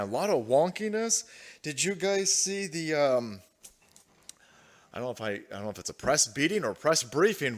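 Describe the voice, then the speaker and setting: A man with a fairly high, fairly bright voice hosts a casual live-stream show from home. He rambles loosely, cracking crude jokes and laughing often.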